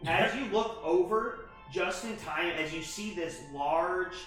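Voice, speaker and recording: Game master, man, bright voice, stop-start narration, echoey room with music under it. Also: high voice. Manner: halting, full of fillers and restarts. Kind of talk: narrating a tabletop horror game.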